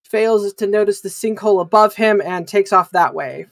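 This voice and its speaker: A man running a tabletop game as game master, narrating the action in a halting way with many fillers and restarts. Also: high voice, creaky, no room sound, clean studio sound.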